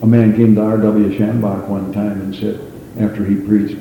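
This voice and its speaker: Man, pastor, fervent sermon, dark mellow tone, booming church echo, long reverb. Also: little pitch movement, moderate pace, slight background noise. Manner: fervent, rising to high exclamations, calls for amens.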